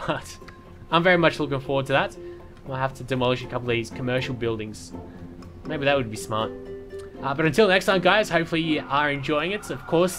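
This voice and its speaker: Chatty man commentating gameplay over music. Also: medium pitch. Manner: chatty, rambling, with many fillers and restarts. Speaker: let's play commentator.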